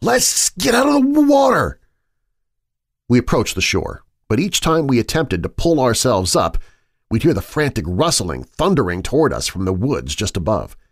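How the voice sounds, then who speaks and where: A man with a low voice narrates a horror story in a measured, suspenseful way. His pitch moves a lot, rising and falling with the tension. The sound is dry and close, with no room echo. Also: big pitch swings. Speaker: horror podcast host and narrator.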